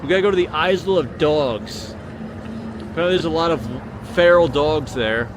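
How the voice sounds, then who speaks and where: A rambling American man chats to his viewers as he streams from a busy city street at night. His voice sits a little high, and his loose, easy talk keeps breaking off to read comments. Street traffic hums clearly behind him on a small camera mic. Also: brisk. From United States. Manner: rambling, chatty, reads comments aloud. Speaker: livestreamer. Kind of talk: casual livestream chat. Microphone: small handheld camera mic. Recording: outdoor street noise. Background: city street traffic noise.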